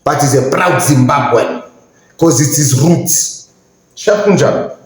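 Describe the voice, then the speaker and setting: A man's voice: fairly high pitch, slow. A man hosting a podcast, giving an indignant, emphatic ranting commentary and sometimes searching for words. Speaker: podcast host. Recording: very echoey room.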